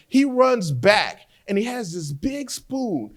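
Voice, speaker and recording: A man teaching trial skills as a defense lawyer, an animated storyteller who often repeats words as he restarts a thought. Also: very high-pitched, moderate pace, hardly any pauses. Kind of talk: lecture with courtroom storytelling.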